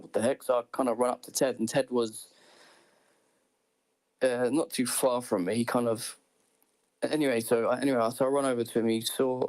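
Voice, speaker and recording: A man's voice: medium pitch, darkish tone, low-quality recording. A man telling a long personal story in casual chat, rambling with many restarts.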